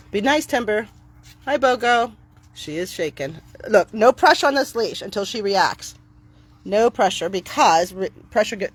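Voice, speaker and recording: A middle-aged woman talking casually to camera outdoors on her property, chatty and upbeat, switching to a bright cheery voice when she greets her dogs. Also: mid-range voice, breathy edge. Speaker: dog owner vlogger.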